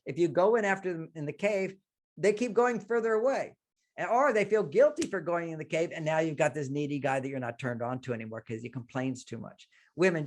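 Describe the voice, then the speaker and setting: An older man, a relationship expert on a radio interview, explaining ideas through lively stories and acted-out quotes. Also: on the high side. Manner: animated storyteller, acts out quotes, laughs often.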